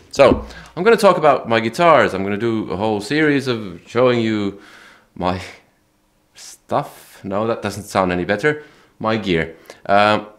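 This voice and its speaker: A man who hosts his own channel, talking casually about his guitar in a relaxed, chatty way, often correcting himself. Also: mid-range voice. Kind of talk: casual gear talk to camera.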